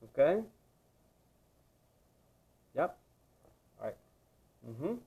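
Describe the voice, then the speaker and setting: A man's voice: medium pitch, very animated, extremely slow, vocal fry, mellow, slightly rough. Patient man teaching a video lesson. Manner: patient, repeats "okay?" to check understanding. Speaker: Spanish teacher.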